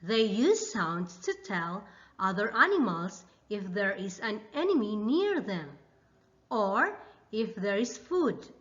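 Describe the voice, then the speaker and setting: A woman teaching young children in a slow, exaggerated, lively teacher voice. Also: medium pitch. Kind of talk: children's lesson. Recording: slightly dull lo-fi.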